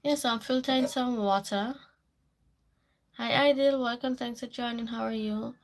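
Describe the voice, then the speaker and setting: Gravelly-voiced Caribbean woman chatting on a livestream. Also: fairly high pitch, steady tone, moderate pace. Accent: Caribbean English. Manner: chatty, reads viewer comments aloud and answers them. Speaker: livestream host. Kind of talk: casual morning livestream chat.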